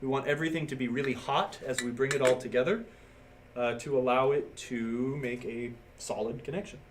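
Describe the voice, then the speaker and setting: Working at a bench, the man explains his pinball board repair one step at a time for his live stream, keeping things casual and reading chat as he goes. He has a mid-range voice with fairly even intonation and a fairly quick pace, and there's slight background noise.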